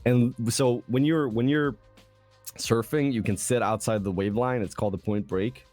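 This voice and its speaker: A man's voice: medium pitch, steady tone, moderate pace, a little mellow, soft background music. A young man from Sweden, telling a story in loose, profane casual chat as a podcast guest.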